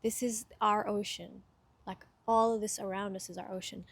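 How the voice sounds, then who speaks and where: A woman giving a casual spiritual talk outdoors, soft-spoken and reflective, pausing often and getting emotional. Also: mid-range voice, steady tone, vocal fry, husky, dry recording. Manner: gets emotional. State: itchy from hay fever. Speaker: spiritual speaker.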